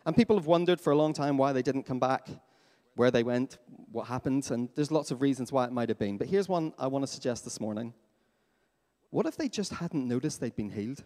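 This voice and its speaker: A man preaching a sermon as pastor in a church, lively and questioning his congregation. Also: mid-range voice, a little fast. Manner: animated, asks the congregation questions. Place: church hall. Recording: long hall reverb.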